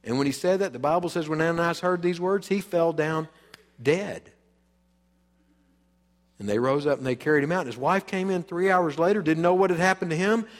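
A man preaching a sermon in a church, dramatic and emphatic, acting out the voices he quotes and swinging from loud to soft. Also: a little high, a little fast, long reverb tail. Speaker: pastor. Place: church sanctuary.

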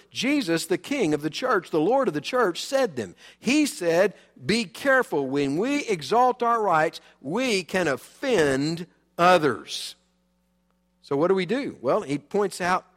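A man pastor preaching a sermon, animated and emphatic, swinging between loud and quiet. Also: a little high, long reverb tail.

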